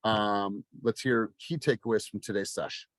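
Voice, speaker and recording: A man in his thirties gives a fired-up talk to his sales team, blunt and peppered with swearing, his voice climbing toward a shout. It sounds close and dry, with no room around it, as on a video call. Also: lowish voice, fairly even intonation, measured pace, dry recording. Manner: passionate, swears, rising to near-shouting. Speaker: sales coach. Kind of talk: motivational team meeting talk.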